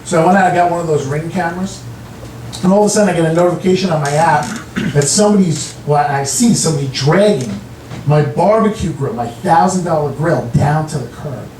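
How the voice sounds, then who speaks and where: A man from Long Island telling stories in a stand-up comedy set, with deadpan delivery and quick asides. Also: on the high side, slight background noise. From Long Island, New York. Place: comedy club stage. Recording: roomy club sound from a distance. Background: audience laughter.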